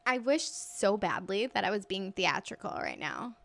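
A woman's voice: mid-range voice, animated, moderate pace, vocal fry, fairly bright tone. A woman co-hosting a podcast, telling a story in casual chat and acting out the people in it. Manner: storytelling with laughs, acting out others. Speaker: podcast co-host.

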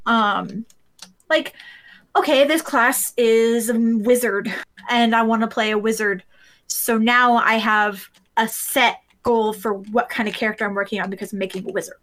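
A woman's voice: on the high side, fairly even intonation, normal speed, a bit bright. A woman co-hosting a podcast, chatting casually and explaining things step by step. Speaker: podcast co-host. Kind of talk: casual podcast chat about roleplay.

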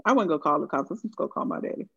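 Speaking rapid-fire in a low, husky voice, a woman from the American South tells a story in casual chat. She's animated and profane, laughing often, with a dull lo-fi recording.

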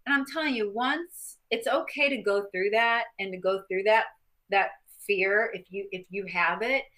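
Bright, animated woman telling stories. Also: mid-range voice, normal speed. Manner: animated, self-mocking storyteller. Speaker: guest, former boxing champion. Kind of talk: casual interview storytelling.

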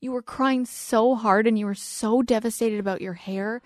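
A Canadian woman hosting a relaxed chat, with a fairly high voice. She tells stories with relish and acts out other people's lines. The mic sound is close and dry. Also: normal speed, dry recording. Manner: chatty storyteller, acts out quoted lines. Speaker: podcast host. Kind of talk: casual chat.

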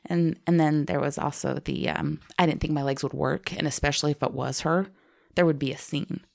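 A woman's voice: deep voice, brisk, creaky. A woman co-hosting a podcast, telling a story casually and with feeling, teary at times. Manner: animated storytelling, tearful and laughing. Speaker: podcast co-host. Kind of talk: casual chat.

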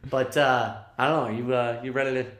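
A man's voice: mid-range voice, fairly even intonation, a little fast, fairly bright tone, echoey room. A man co-hosting a casual hockey podcast, easygoing and agreeable, often laughing along. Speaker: podcast co-host.

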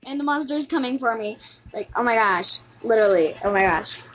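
Woman, game commentary, excitable, sing-song repetition, slightly high voice, faint background hiss. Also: a little fast. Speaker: gaming video host. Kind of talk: live gameplay commentary.

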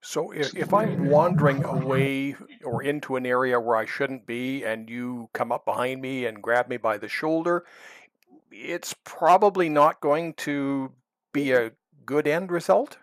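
A man's voice: mid-range voice, unhurried, no room sound. A man hosting a podcast interview, asking a guest plain questions. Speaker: podcast host.

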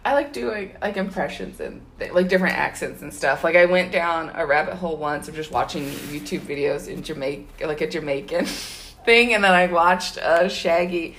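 Young woman, low voice, loose chatty storyteller who laughs a lot, faint background hiss. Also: moderate pace, hardly any pauses, a bit bright. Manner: rambling, laughs often, many fillers. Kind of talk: casual chat.

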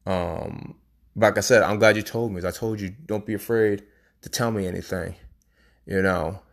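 A man's voice: fairly low pitch, fairly even intonation, normal speed, creaky. A man hosting a podcast, talking in a casual, rambling, emphatic monologue. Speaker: podcast host.

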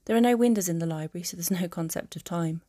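A woman narrating a fan audiobook in a calm, even storytelling manner. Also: lowish voice, fast, no room sound, clean studio sound.

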